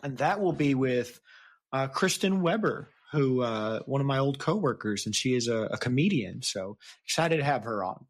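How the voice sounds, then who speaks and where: A man's voice: medium pitch, lively intonation. Joking man hosting a casual podcast. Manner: joking, chatty, quick to laugh. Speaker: podcast host. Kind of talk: casual chat.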